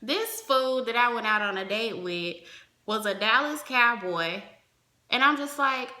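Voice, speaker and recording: A woman telling a personal story in casual vlog fashion, animated, acting out the other people's lines as she goes. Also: on the high side, normal speed. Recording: roomy echo.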